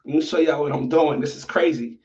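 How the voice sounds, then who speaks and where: High-pitched, profane livestream host. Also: male voice, a little fast, far from the mic. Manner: profane, animated, talks to viewers. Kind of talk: casual livestream commentary. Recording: dull lo-fi audio from off-mic.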